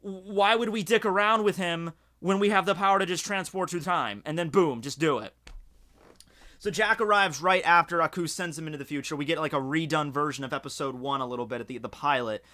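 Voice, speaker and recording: A man from Scotland giving casual, rambling video commentary, excited and swearing freely, with lots of fillers. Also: fairly high pitch, fairly quick. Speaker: video reviewer.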